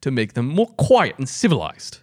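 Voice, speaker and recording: A man with a mid-pitched voice chats easily on a podcast, joking as he goes. His voice moves expressively up and down, recorded dry and close. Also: huge pitch swings, moderate pace, a little mellow, dry recording. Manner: easygoing, joking. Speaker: podcast co-host. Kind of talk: casual chat.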